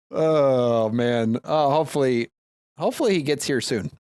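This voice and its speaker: Lively, animated man casting esports. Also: mid-range voice, measured pace, no echo, studio quality. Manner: animated, laughs easily, excitable. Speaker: esports tournament host and caster. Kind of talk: live esports commentary and banter.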